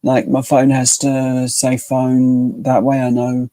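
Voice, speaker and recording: A man co-hosting a live chat stream, talking in a slow, laid-back way and trailing off mid-thought. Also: medium pitch, monotone, mellow, dry recording, poor audio. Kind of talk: casual chat.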